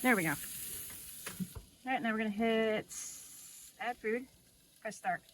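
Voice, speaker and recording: Casual cooking vlogger, a woman with a fairly high voice, talking through each step outdoors. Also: slow pace, background noise. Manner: chatty, thinking aloud while cooking. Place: outdoors by a camper.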